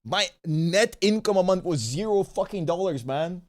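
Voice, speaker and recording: A man's voice: sits high, lively intonation, normal speed, no echo, clean studio sound. A man streaming a watch party who rants in casual chat, swearing often and repeating himself. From Bosnia.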